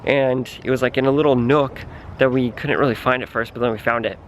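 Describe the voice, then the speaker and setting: A man's voice: mid-range voice, steady tone, a little fast, slight background noise. A young man vlogging, telling a story in a chatty, dramatic way and often saying "like". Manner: chatty, dramatic, heavy use of "like". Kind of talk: casual storytelling to camera.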